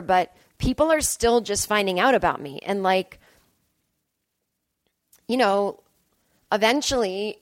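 A woman comedian in her thirties talking in a hotel room, rambling and self-deprecating as she hosts a casual solo podcast, jumping into high excited voices when she quotes herself. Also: no echo.

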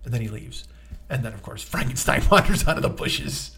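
A man hosting a comedy podcast, telling a profane, excitable monologue and breaking into voices. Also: mid-range voice, brisk, vocal fry, husky. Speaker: podcast host.

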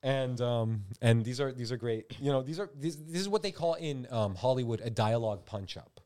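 This comedy podcast co-host has a mid-range voice and a moderate pace. He's animated and jokey in the casual banter, now and then dropping into mocking impressions.

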